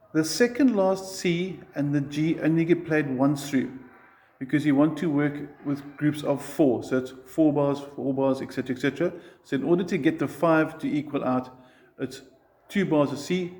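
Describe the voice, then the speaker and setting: A man's voice: a little high, a little mellow. A man teaching a guitar lesson, patiently explaining chords and counting the beats aloud.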